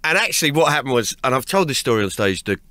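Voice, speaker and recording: A man's voice: medium pitch, sing-song, quick pace, bright, forceful tone, a little hiss or hum. A man, a comedian guest telling a story in a radio interview, laughing as he goes and restarting his words. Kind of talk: animated anecdotal storytelling. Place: radio studio.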